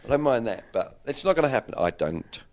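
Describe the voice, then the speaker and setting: A man's voice: mid-range voice, very animated, a little fast. A man in his sixties with an English accent, answering interview questions in a rambling, candid way that keeps correcting itself. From England. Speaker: interviewed musician. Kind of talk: casual interview chat.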